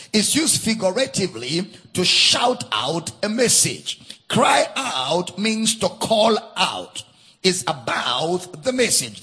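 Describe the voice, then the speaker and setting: A man delivers a sermon at a camp meeting, leaning hard on repeated phrases. His voice sits high and bright, with a strong husky rasp, and he takes his time between thoughts. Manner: emphatic preaching, repeats key phrases, spells out words for note-takers. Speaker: pastor.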